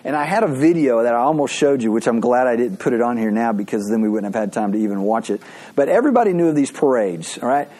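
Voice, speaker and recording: Chatty pastor teaching with eager asides. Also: male voice, mid-range voice, dark tone, poor audio. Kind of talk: casual Bible study teaching.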